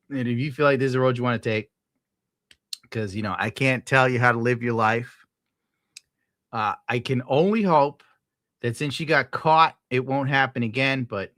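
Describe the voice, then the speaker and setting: A man's voice: mid-range voice, fairly bright tone, dry recording, clean studio sound. A man livestreaming, reading chat and ranting in a rambling, profane way with frequent laughs. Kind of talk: casual livestream rant.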